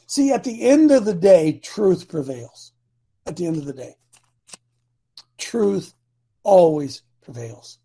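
Older man, high husky voice, fiery preachy host, hammers home repeated lines. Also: mellow. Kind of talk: impassioned political talk.

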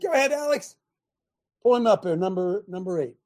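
A man hosting a talk show, preaching and mocking in an animated way and throwing questions at his listeners. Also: high-pitched, brisk. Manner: animated, sermonizing, mocking, asks the audience questions.

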